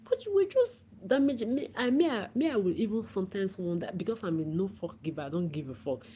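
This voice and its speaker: A woman's voice: medium pitch, quick pace, dark tone, a little hiss or hum, rough recording. A woman ranting on a livestream, profane, repetitive and confrontational. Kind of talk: angry livestream rant.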